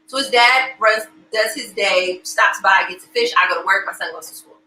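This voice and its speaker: A middle-aged woman giving a motivational talk, telling a family story and acting out the voices with big jumps in pitch. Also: normal speed, bright, forceful tone. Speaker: motivational speaker. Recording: echoey hall with faint noise.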